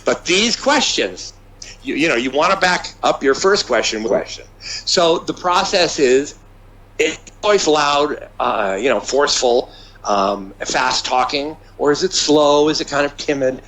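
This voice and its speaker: Male business trainer, bright and lively, emphatic seminar delivery. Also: a little high, unhurried. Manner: energetic, emphatic, checks in with the audience. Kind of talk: seminar lecture.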